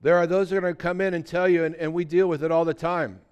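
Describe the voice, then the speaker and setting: Male pastor, sermon delivery, slightly high and smooth, dynamic from soft to shouted emphasis. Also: little pitch movement, fast, dull audio. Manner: swings from quiet teaching to loud, high-pitched emphatic outbursts.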